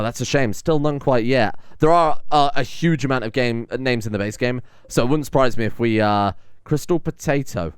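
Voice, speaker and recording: A young man hosting a casual let's-play, chatting and rambling with frequent ums and quick exclamations of surprise. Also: mid-range voice, smooth, no room sound, studio quality. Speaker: gaming channel host.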